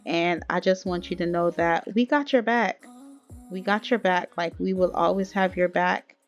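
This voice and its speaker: A woman's voice: fairly low pitch, fairly even intonation, normal speed, faint music behind, lightly acted. A woman voicing a caring adult male friend in a life-sim game, talking in an earnest, reassuring way with casual slang.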